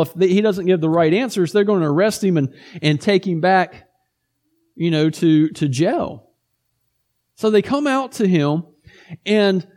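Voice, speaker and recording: A man with a notably high voice delivering a sermon. He talks in a conversational, storytelling manner, with lively asides to his listeners. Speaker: preacher.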